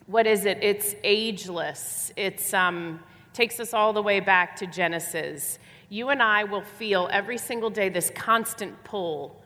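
A woman's voice: medium pitch, unhurried, sharp tone. A woman preaching a sermon, speaking with emphasis, repeating her phrases and putting rhetorical questions to her listeners. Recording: long hall reverb.

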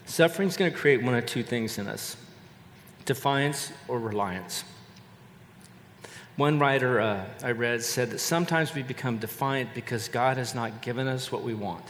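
An older man delivers a sermon in an earnest, measured way, often repeating a phrase for weight. His mid-pitched voice rings out in a large hall with a long reverb tail. A faint hum of ambience hangs behind him. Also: a bit bright. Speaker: pastor.

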